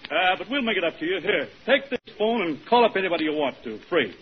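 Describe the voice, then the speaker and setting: Brief: a hearty, jovial buddy, high and lively, muffled old radio sound with hiss. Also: male voice, quick pace. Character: friendly phone company man, old pal. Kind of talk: 1940s radio acting.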